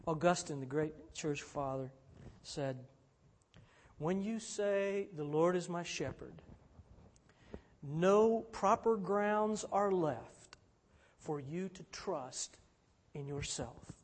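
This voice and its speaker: A man delivers a sermon at an unhurried pace, returning to repeated refrains. His higher voice swells to emphatic peaks, then sinks low and soft at the ends of phrases. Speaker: preacher.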